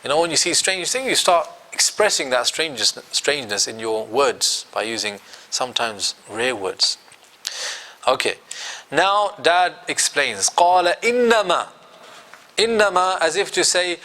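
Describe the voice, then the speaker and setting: A man's voice: on the high side, animated, brisk, bright, forceful tone. A man teaching a Quran commentary class, quizzing his students and acting out quotes.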